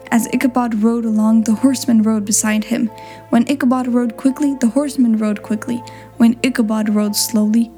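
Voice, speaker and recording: A woman reads a storybook aloud in a clear, simple way suited to learners. Her voice sits a little high but sounds mellow and warm. Soft music plays faintly underneath. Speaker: narrator.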